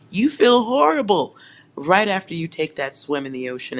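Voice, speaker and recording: A tarot reader doing a collective reading from home, speaking right to the viewers with playful, mocking sarcasm and breaking into laughter again and again. The delivery is slow and drawn out at a middle pitch. A faint room ambience hums behind the voice. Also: expressive, fairly bright tone, a little hiss or hum.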